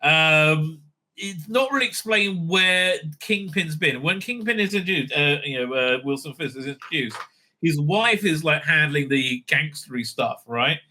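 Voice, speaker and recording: A man reviews a show in a loose, unscripted way, circling back and checking in with a tag question. His voice sits a little high and rings very bright and forward. He sounds halting and conversational rather than polished. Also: lively intonation. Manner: rambling, halting, often tags lines with "right?". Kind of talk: casual off-the-cuff review.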